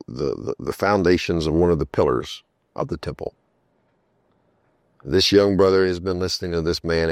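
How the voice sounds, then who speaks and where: Brief: male preacher with a very deep voice, sermon with repeated emphatic phrases. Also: no echo, studio quality. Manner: storytelling, emphatic repetition.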